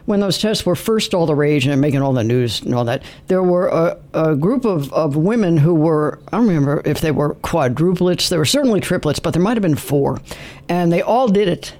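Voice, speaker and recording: A man's voice: a little high, animated, a little fast, darkish tone. A man hosting a call-in radio show, chatty and easygoing, thinking aloud with fillers. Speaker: radio host.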